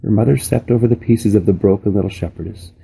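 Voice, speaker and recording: Gravelly, dark-voiced man reading a storybook. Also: fairly low pitch, low-quality recording. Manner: calm, measured storytelling. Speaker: reader. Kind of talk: reading a children's novel aloud.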